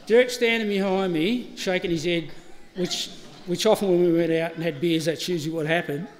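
This eulogy comes from a middle-aged Australian man whose voice sits high and moves a little fast. He recounts amusing anecdotes with laughter, voicing the dialogue himself, in an echoing funeral service hall where faint background noise can be heard.

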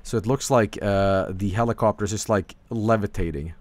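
A fairly low, slightly mellow male voice at a moderate pace, with hardly any pauses and no room sound. He's streaming a game, rambling profanely through tasks and stories as casual commentary, and is quick to be startled.

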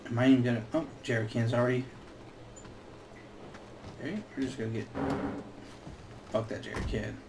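A man's voice: mid-range voice, normal speed, pauses often, very noisy. A man giving casual, swearing commentary while playing a video game. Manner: swears freely, muttering with sudden excited outbursts. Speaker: let's play gamer.

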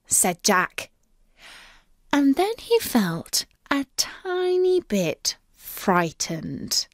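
A woman reading a children's pirate story aloud slowly and clearly for English learners. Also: fairly high pitch, dry recording, studio quality. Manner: slow, clear, expressive reading.

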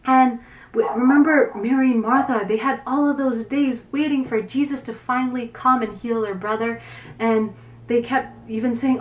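A higher-pitched woman retells a Bible story for children as their Sunday school teacher. She tells it in a lively way, acting out the characters' words, with a few fillers. She sits a little back from the mic. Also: moderate pace, recorded from a distance, lo-fi sound.

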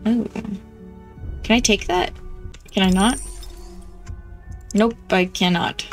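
A woman chatting playfully as she plays a video game, easily excited. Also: mid-range voice, takes it slowly, faint music behind. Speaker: gameplay streamer. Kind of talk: casual gameplay commentary.

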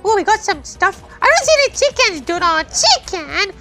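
A very high-pitched woman whose voice leaps all over the place as she plays a game, shrieking and laughing. She talks straight to the game and her friends. Loud music plays behind her. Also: sing-song, normal speed. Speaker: gamer. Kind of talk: excited gaming commentary.

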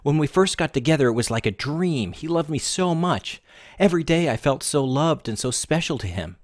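A man's voice: on the high side, lively intonation, moderate pace, dry recording, clean studio sound, voice pushed up, close to an everyday voice. A man voicing a sobbing, desperate married woman, pleading shakily through tears. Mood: tearful. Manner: tearful, shaky pleading.

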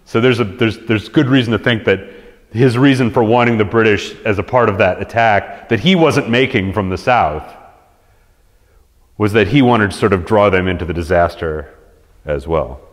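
Animated male historian in a reverberant hall. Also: fairly low pitch, moderate pace. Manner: animated storyteller, acts out quotes in lively voices, frequent restarts. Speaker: resident historian giving a talk. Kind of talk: conversational history lecture. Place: lecture room with audience.

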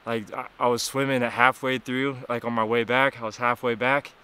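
Recounting how he almost drowned, a young man vlogs casually outdoors near a cold river and waterfall, rambling and swearing, shaken, weak, drained and chilled. He has a medium-pitched, flat delivery at a moderate pace, with a pushed, bright, clean tone.

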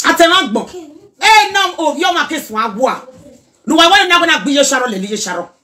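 A middle-aged Nigerian woman chatting casually in a reaction vlog, animated and scolding by turns. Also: sits high, moderate pace. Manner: animated, mixes pidgin and Yoruba, scolding asides. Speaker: social media commentator.

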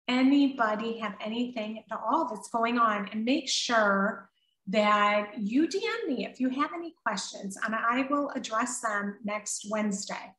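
Middle-aged woman host, bright and chatty, live Q&A, somewhat off-mic in a roomy space. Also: a little high, distant mic. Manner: chatty, reads viewer comments aloud, frequent ums. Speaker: parenting coach and live-stream host. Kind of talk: casual live-stream Q&A. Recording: echoey room, voice somewhat off-mic.

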